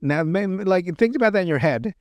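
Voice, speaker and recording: A man's voice: high voice, expressive, fairly quick, darkish tone, no echo. A man hosting a podcast, telling sketch stories in a rambling, profane, chuckling way. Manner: rambling, profane, laughing storyteller. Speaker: podcast host. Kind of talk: casual chat, recapping comedy sketches.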